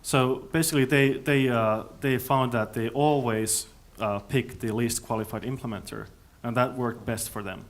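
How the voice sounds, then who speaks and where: Guy at a conference answering questions, mid pitch, keeps restarting his sentences, thinking as he goes. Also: steady tone. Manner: thoughtful, halting, with many restarts. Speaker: conference speaker. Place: conference hall.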